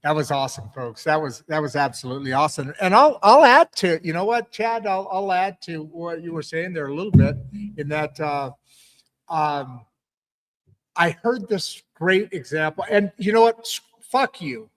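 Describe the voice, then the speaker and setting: A man's voice: fairly high pitch, animated, moderate pace, fairly bright tone. A man hosting a podcast, chatting casually in an upbeat, rambling way with plenty of ums and restarts. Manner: rambling, upbeat, lots of fillers. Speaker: podcast host. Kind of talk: casual chat.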